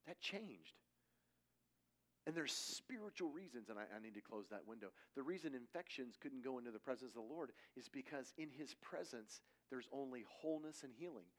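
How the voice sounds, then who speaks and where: A man's voice: mid-range voice, a little fast. Casual, storytelling man preaching. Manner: casual, animated storytelling with quoted voices. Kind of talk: conversational sermon with stories.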